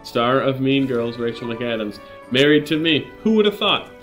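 A man's voice: medium pitch, animated, moderate pace, a bit bright, soft background music. A man hosting a video game playthrough, chatting casually with dry, self-mocking jokes. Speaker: gameplay host. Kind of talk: casual let's-play commentary.

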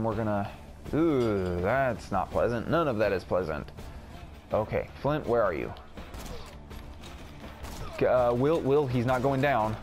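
Slow, rambling man over game music. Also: mid-range voice, a little mellow. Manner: rambling and self-mocking, talks to himself. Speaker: gaming video creator. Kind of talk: casual gameplay commentary.

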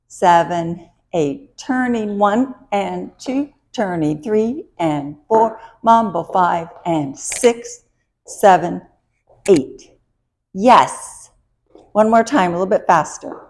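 Woman, line dance teacher, unhurried delivery, mid-range voice, counting beats aloud, encouraging. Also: mid-range voice. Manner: counting steps aloud while dancing; upbeat and encouraging. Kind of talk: step-by-step dance instruction.

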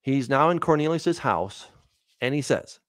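At a measured pace and in a mid-range voice with no room sound, a man takes viewers' Bible questions in a relaxed way. He reads passages aloud and asks his audience rhetorical questions, animated and conversational, with plenty of "all right" and "right?".

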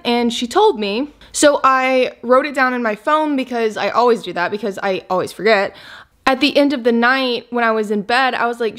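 Young woman, vlogger, somewhat high voice, chatty, rambling, excitable. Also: brisk. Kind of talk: casual diet vlog chat.

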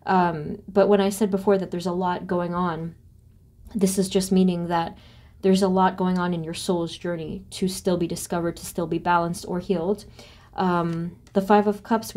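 A woman's voice: on the low side, level tone, moderate pace, warm tone. A woman doing a solo tarot reading, thinking aloud as she names cards and asks spirit questions. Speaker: tarot reader.

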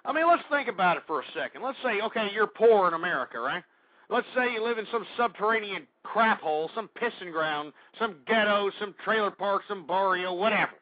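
A man with a high, husky voice rants and shouts insults as a radio host, breathless and heated. The sound is dull and lo-fi, and the voice sits close and dry. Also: lively intonation, brisk, no echo. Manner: angry ranting, shouting insults. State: out of breath, sweating. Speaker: radio talk show host. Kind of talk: ranting political commentary.

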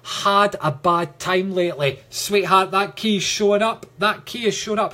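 A man's voice: high-pitched, moderate pace, pushed and bright. A Scottish man working as a psychic medium, giving chatty, affectionate readings to viewers on a livestream and calling them sweetheart.

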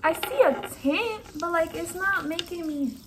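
A woman with a high, bright-pitched voice vlogs casually from home. She talks frankly and chattily to her viewers and often breaks into exclamations. A faint room hum sits behind her. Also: unhurried. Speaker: vlogger. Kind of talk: casual vlog talking to camera.

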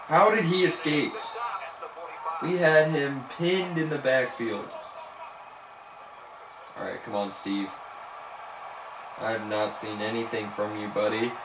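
A man giving live commentary on his football video game, excitedly cheering on and scolding his players as he plays. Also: on the low side, slow, long pauses. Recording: echoey room with background noise.

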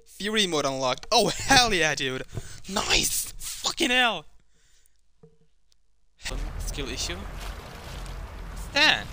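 A young man giving loud, excitable gameplay commentary, swearing and trash-talking enemies. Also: on the high side, slight background noise. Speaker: gamer. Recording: loud game music behind.

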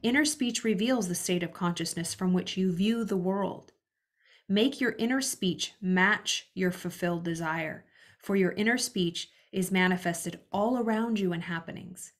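A woman reads aloud from a spiritual book and pauses to comment in reflective asides to her listeners. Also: mid-range voice. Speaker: spiritual book reader and teacher.

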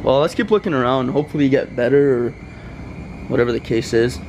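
A young man hosting a horror vlog, talking to viewers as "guys" and getting loud and scared as things go wrong. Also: mid-range voice, fast, noisy background. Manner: addresses viewers as guys, grows panicked and shouty. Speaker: vlogger.

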